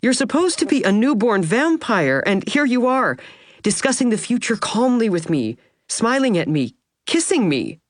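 A woman's voice: on the high side, very animated, moderate pace, dry recording, studio quality, pitched above the performer's own voice. A narrator voicing a joyful, teasing young woman in an audiobook. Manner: laughing, affectionate. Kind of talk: audiobook character voice.

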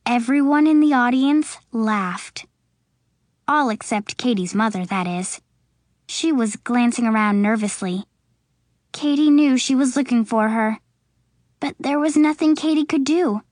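A woman reads a children's story aloud at an unhurried pace, her voice sitting a little high. She leans into the drama of each scene. The sound is dry and close, with no room around it. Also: dry recording. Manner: slow, expressive reading with voices for characters. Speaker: audiobook narrator. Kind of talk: storybook narration.

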